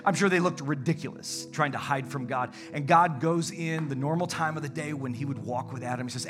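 A man preaching a sermon as pastor, dynamic, swinging between loud calls and hushed, intimate tones. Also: medium pitch, normal speed, over music.

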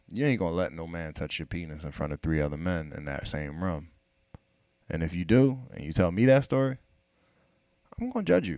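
A man's voice: low-pitched, a little mellow, no room sound, studio quality. A man in casual podcast chat, profane and emphatic, pressing his point with rhetorical questions.

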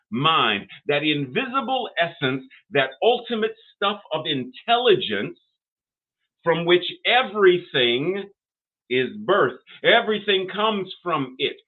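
Older male minister preaching, tinny sound. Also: medium pitch. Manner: preacherly, rising emphatic phrases and pauses. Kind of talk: sermon.

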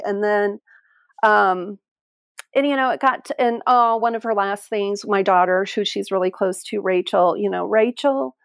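Middle-aged woman being interviewed, heartfelt and halting, keeps restarting, dry close sound. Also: medium pitch, no room sound. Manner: halting, heartfelt, many restarts and trailing phrases. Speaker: interview guest, end-of-life caregiver. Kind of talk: emotional personal storytelling.

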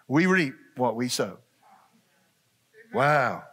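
A man's voice: on the high side, moderate pace, gravelly, a bit bright, slightly rough. An older man, a pastor, preaching a conversational sermon and asking his congregation questions.

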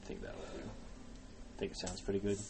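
A man hosting a casual podcast with a friend, goofy and quick to laugh. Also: deep voice, animated, vocal fry, background noise. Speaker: podcast host. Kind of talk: casual chat.

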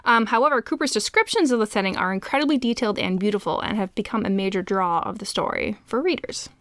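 Woman podcast co-host, smooth clear voice, dry close recording, casual plot recap with wry asides. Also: mid-range voice, fast talker, a bit bright, no room sound. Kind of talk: casual book discussion.

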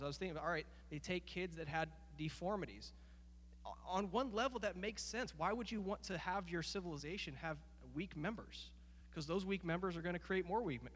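A man's voice: on the high side, fairly bright tone, in a large hall. A man preaching a sermon in a loose, conversational way, full of fillers and restarts. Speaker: pastor.

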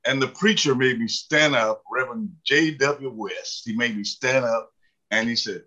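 A man's voice: medium pitch, normal speed, pushed and bright, highs cut off. A man in his seventies from the mountains of the American South, telling folksy, humorous stories as an interview guest. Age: 70s. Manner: folksy, humorous, many fillers. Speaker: author and guest. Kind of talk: storytelling interview.

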